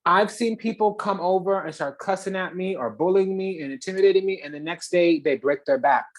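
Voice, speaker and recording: Give me a mid-pitched spiritual channel host doing a fiery, profane reading with big dramatic pauses. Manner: heated and profane, swinging between loud and hushed.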